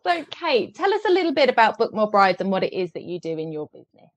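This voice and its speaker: A woman's voice: mid-range voice, big pitch swings, fast, dry recording, dull audio. A woman in her thirties from the UK with an East Midlands English accent, hosting a podcast in an enthusiastic, chatty way. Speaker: podcast host. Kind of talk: casual podcast chat.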